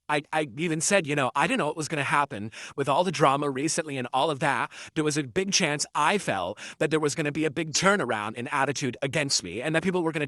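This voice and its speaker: Male streamer, somewhat high and bright, dry close mic; sarcastic toward trolls, rambling. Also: dry recording. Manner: mocking, gloating toward trolls; rambling, self-justifying monologue. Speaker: livestreamer reading viewer tips. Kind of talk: casual stream chat.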